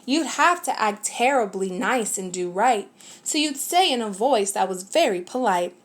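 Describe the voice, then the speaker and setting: A woman's voice: on the high side, animated, normal speed. A woman reading a rhyming picture book aloud in a lilting, rhythmic way. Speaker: storybook reader.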